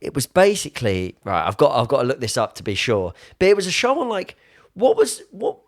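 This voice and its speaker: A young British man co-hosting a podcast, chatting in an animated, hesitant way. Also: mid-range voice, a little fast. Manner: animated, hesitant, many fillers and restarts. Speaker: podcast co-host. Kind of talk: casual chat.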